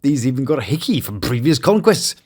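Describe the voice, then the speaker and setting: A man's voice: mid-range voice, very animated, fairly quick, slightly rough. A man hosting a comic review show, narrating with sarcastic, jokey commentary. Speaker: YouTube show host and reviewer.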